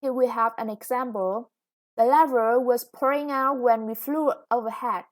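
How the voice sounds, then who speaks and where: A woman with a Vietnamese accent and a fairly high, steady voice teaches a recorded English lesson for students. She explains slowly and patiently, stretching out new words and correcting herself.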